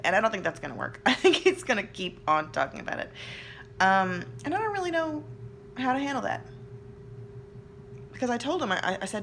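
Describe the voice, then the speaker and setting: A woman vlogger rambling candidly at home about family life, chatty and self-deprecating with quick jokes, recorded on a hand-held phone. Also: on the high side, sing-song, a bit bright, slight background noise. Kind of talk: casual personal rambling vlog. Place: at home, seated. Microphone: phone camera held in hand.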